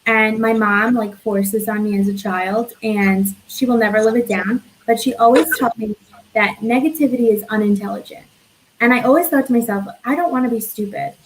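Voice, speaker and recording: A woman's voice: a little high, brisk, slight background noise, low-quality recording. A young woman hosting a casual chat show, effusive and bubbly, talking over a video call from home. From New York. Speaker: podcast host.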